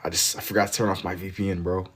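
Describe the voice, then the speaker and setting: Deep-voiced laid-back streamer guy. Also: flat delivery, very fast, fairly bright tone. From Kentucky. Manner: laid-back slang-heavy banter, reading and answering chat. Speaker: livestreamer. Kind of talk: casual chat with live viewers while drawing.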